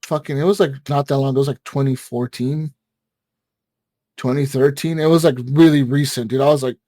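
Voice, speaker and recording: A man's voice: medium pitch, fairly even intonation, normal speed, mellow, dry recording. A man casually telling a long story on a gaming podcast, rambling with lots of fillers and swearing. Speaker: podcast co-host.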